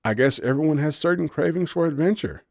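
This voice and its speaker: A man's voice: on the high side, expressive, a little fast, vocal fry, a little mellow, no room sound, studio quality, pitched above the performer's own voice. A man voicing a grumpy, sarcastic young human woman in an audiobook story, blunt and exasperated. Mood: explaining.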